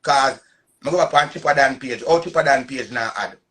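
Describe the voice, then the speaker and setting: A man's voice: mid-range voice, fairly quick, pushed and bright. A man in his thirties with a Jamaican Patois accent, ranting on a casual live stream in an emphatic, repetitive, boastful way. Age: 30s.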